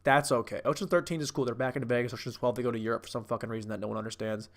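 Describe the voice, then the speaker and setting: A man in his thirties rants about a movie with brash, profane swagger. His speaking voice is mid-pitched, and he rambles, restarts and jokes as he goes. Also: fairly even intonation, rapid-fire. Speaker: comedic movie reviewer. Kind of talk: casual comedic rant.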